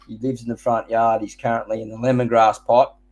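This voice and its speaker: A man's voice: mid-range voice, level tone, fairly quick, a little mellow. An Australian man hosting a live gardening Q&A, chatting casually and rambling into jokey stories. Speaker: host.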